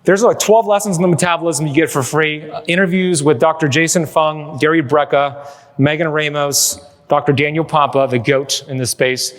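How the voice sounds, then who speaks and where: A somewhat high-voiced man delivers a lively keynote to a live crowd, mixing jokes into his storytelling. His voice rings out with the long reverb of a big hall. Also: normal speed. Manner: energetic, joking storyteller. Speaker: keynote speaker. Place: large hall with live audience.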